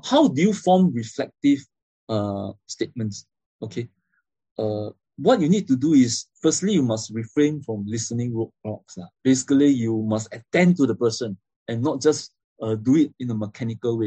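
A man's voice: mid-range voice, dark tone, breathy edge, no room sound. A man giving a classroom lecture, explaining step by step and often checking in with "okay?" and "right?".

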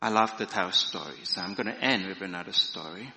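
A man preaching a sermon and reading a story aloud with slow, dramatic storytelling. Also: sits low, sharp tone. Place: church. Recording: echoey hall.

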